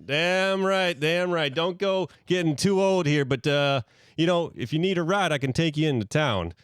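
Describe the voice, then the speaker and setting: A man's voice: a little high, normal speed, clear, resonant tone, no room sound, clean studio sound, voice pushed up, lightly acted. A man putting on a folksy drifter cowboy. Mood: hearty.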